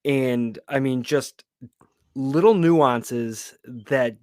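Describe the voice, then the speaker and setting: Male co-host, mid-pitched, enthusiastic with emphatic drawn-out phrasing; dry mic. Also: a little mellow, dry recording. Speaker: podcast co-host. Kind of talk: casual movie review chat.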